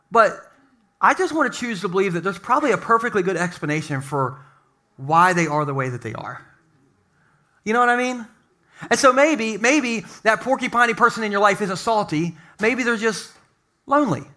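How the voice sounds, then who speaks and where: A man pastor giving a sermon to a live congregation, telling stories with animated humor. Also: sits high. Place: church service with a live congregation.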